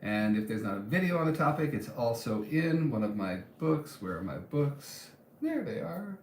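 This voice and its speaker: A man's voice: medium pitch, animated, normal speed, reverberant, slight background noise. A man hosting a casual live stream and reading viewer comments aloud, talking in a rambling way with many ums and restarts.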